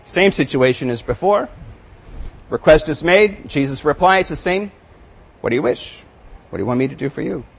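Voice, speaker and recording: A male pastor preaching a sermon, reading scripture aloud with rising emphasis and then commenting in a quieter, conversational tone. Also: on the high side, lively intonation, moderate pace, gravelly, slightly rough, rough recording.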